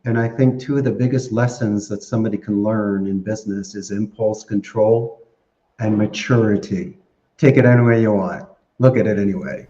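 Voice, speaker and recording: A man giving animated, story-filled interview answers and laughing often. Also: fairly low pitch, normal speed. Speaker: podcast guest. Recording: echoey, dull lo-fi sound.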